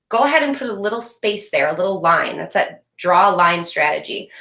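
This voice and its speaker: A woman teaching a reading lesson to young students in a recorded video, speaking slowly and clearly and praising them often. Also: mid-range voice, a bit bright. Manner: slow, clear, encouraging teacher talk with drawn-out words. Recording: echoey room.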